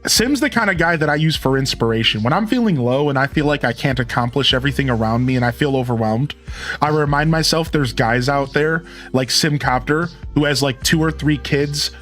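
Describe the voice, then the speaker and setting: A man's voice: medium pitch, brisk, a bit bright, soft background music. A man in his thirties rambling casually with his live-stream viewers, chuckling and thanking them by name. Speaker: game streamer.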